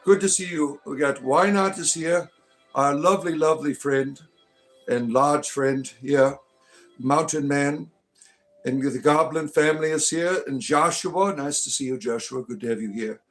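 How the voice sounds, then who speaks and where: A man's voice: on the high side, a little slow, soft background music. Chatty, irreverent male livestream host. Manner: rambling and chatty, keeps tagging on "right?"; irreverent, swears casually. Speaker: livestream host, self-styled bard. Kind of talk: casual livestream chat greeting viewers.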